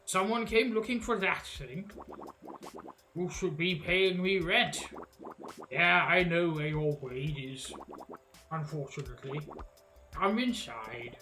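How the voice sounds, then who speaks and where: A woman's voice: on the low side, slow pace, pauses often, bright, forceful tone, faint music behind. A woman voicing a grumpy old female alligator witch in a game, with a put-on Southern drawl and a sardonic manner. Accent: put-on American Southern.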